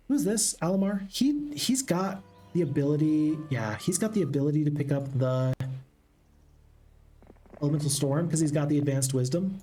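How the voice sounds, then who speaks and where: A man's voice: on the high side, animated, normal speed, mellow, faint music behind. A man hosting a gaming channel, giving casual play-by-play commentary on a strategy game, chatty and thinking aloud.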